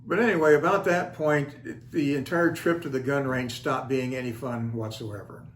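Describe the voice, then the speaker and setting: A man's voice: mid-range voice, fairly even intonation, moderate pace, slight background noise. An older man hosts his own video channel in a casual, folksy way. He pokes fun at himself with dry wit. His voice sits in the middle range and bounces in an echoey room over faint background ambience. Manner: wry, self-deprecating, folksy. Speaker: channel host. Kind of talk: casual storytelling vlog. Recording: roomy echo, faint ambience.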